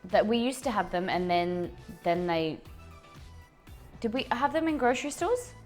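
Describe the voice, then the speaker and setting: A woman's voice: mid-range voice, lively intonation, normal speed. A woman hosting a casual live cooking stream, reading out viewer messages in a chatty, rambling way and laughing at her own slips. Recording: faint music in background.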